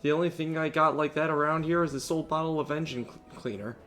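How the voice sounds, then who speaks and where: A man's voice: a little high, fairly even intonation, quick pace, a bit bright, voice pushed up, close to an everyday voice. A man doing a sly grinning rogue trader. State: sick.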